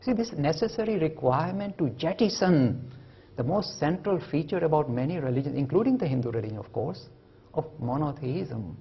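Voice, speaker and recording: A man giving an animated public lecture, telling stories and acting out the voices of the people in them. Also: fairly high pitch, a little fast, husky, lo-fi sound. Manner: lively storytelling, acting out quoted voices. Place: lecture hall.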